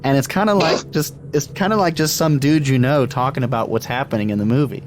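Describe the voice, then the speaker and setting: A man's voice: medium pitch, a little fast, slight background noise. A man co-hosting a movie podcast, chatting casually with many fillers and restarts and laughing often. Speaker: podcast co-host.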